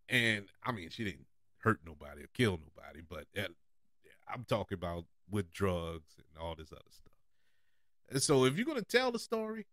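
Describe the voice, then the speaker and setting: Man, podcast host, casual movie chat, lively pitch, dry recording. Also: dry recording. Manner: chatty and animated, laughs often.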